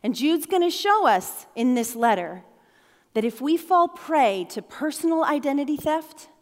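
A woman's voice: fairly high pitch, a little mellow, in a large hall. A middle-aged woman pastor giving a sermon in a playful, conversational way, laughing often.

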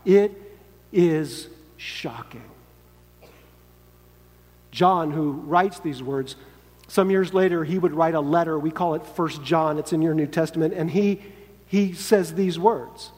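Earnest preacher in a reverberant hall. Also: male voice, a little high, a little slow, darkish tone. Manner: earnest, emphatic, acts out quoted lines. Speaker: pastor. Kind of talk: sermon.

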